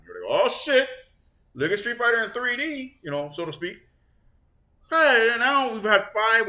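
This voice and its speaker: A man hosts his own gaming channel and rants on camera in a loose, profane, sarcastic way. His voice is bright and sits a bit high, with a lively pitch that swings all over. He sounds a bit stuffed up. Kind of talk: casual on-camera rant.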